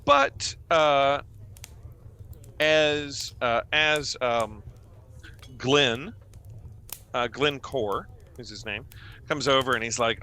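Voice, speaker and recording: Man narrating a tabletop game, bright voice. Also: mid-range voice, drawn-out words, pauses often, clear, resonant tone. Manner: hesitant, many ums and uhs. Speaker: dungeon master.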